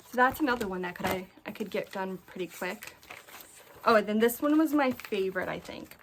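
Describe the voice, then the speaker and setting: A woman chatting casually in a cross-stitch vlog, gushing and full of fillers, a little out of breath. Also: medium pitch. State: a bit out of breath. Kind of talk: casual chat.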